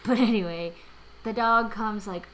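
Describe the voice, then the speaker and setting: A woman co-hosting a comedy podcast, telling a story with lively, acted-out voices. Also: mid-range voice, a little slow, crowd noise, low-quality recording. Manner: animated storyteller who acts out characters. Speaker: podcast co-host. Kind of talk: comedic banter.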